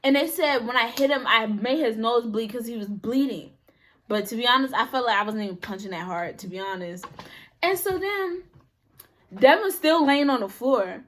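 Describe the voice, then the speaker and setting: A young woman casually telling a story about a school fight, lively and full of laughter. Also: a little high, normal speed.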